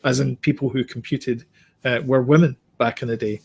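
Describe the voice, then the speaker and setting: A man's voice: mid-range voice, steady tone, normal speed, creaky, husky. A man co-hosting a podcast, giving blunt opinions in casual chat with many ums and restarts. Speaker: podcast co-host.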